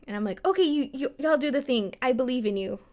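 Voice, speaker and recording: A woman's voice: high voice, animated, fast talker, a little mellow. A young woman streaming live, chatting with her viewers while reading a story game aloud. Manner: chatty, reads game text aloud, answers chat.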